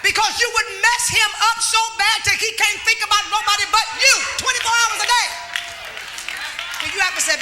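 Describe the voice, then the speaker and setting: Woman preacher, high voice, shouting and playful, live church crowd, noisy recording. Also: fairly even intonation, brisk, big-room sound. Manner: loud, emphatic, playful call-and-response preaching. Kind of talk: sermon with storytelling. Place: church before a large congregation.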